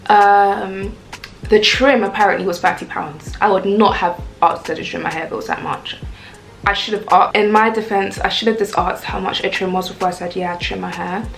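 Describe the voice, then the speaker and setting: A young woman, telling a casual storytime rant in a chatty, animated way. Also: medium pitch. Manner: chatty, animated, lots of "like" and "I was like". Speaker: vlogger. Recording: echoey room with faint music.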